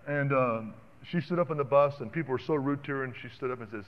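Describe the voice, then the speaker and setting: A man preaching a sermon in an animated, conversational way, calling out to the congregation. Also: medium pitch, fast, hardly any pauses, a little hiss or hum. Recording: dull sound with long reverb in a hall.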